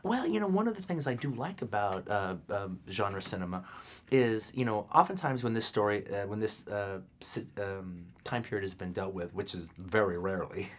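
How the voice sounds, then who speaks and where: Rambling man with a low voice. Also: expressive, moderate pace. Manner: rambling, many fillers and restarts. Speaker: filmmaker being interviewed. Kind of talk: casual interview answers.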